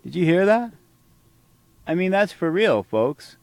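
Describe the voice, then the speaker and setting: A man's voice: sits high, very animated, a little slow, gravelly, a little mellow, dry recording. A man hosting a podcast, reacting to a played talk with heated, profane, sarcastic commentary. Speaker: podcast host.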